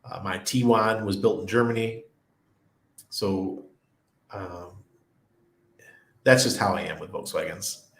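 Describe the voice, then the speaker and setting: A man's voice: sits low, fairly even intonation, slow pace, pauses often, a bit bright. A middle-aged man hosting a casual crypto livestream, reading viewer comments and rambling through anecdotes with frequent laughs. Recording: roomy echo.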